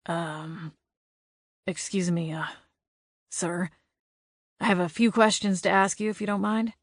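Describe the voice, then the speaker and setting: A woman narrator voicing a tense young man who speaks softly and hesitantly in an audiobook. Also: medium pitch, a little fast, vocal fry, no echo, clean studio sound. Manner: soft-spoken, hesitant, subdued.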